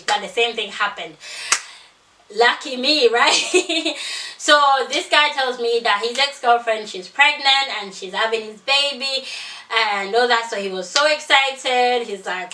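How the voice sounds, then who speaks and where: Young woman, casual storytime, animated, bright voice, echoey room. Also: fairly high pitch, recorded from a distance. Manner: animated, acts out quotes, laughs often. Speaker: vlogger.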